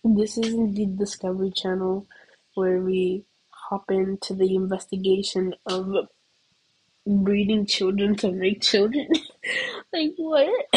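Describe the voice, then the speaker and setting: A woman's voice: mid-range voice, a little hiss or hum, rough recording. A teenage girl student in a casual comedic rant, rambling and giggling with lots of "like". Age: teens.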